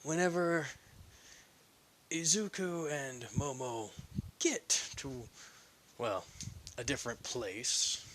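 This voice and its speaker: A man's voice: medium pitch, takes it slowly, long pauses, fairly bright tone, a little hiss or hum. A man casually narrating a fan story, rambling and correcting himself with chatty asides. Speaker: fan fiction reader.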